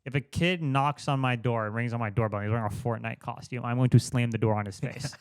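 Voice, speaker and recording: A young man co-hosting a podcast in casual chat, relaxed and chatty, laughing along with his co-host. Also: mid-range voice, quick pace, smooth, no echo. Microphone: studio microphone.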